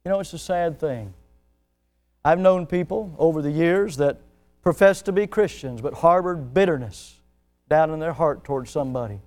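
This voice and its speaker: A male pastor preaching a sermon, swelling in pitch and volume as he acts out the people he quotes. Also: expressive, moderate pace, a little mellow.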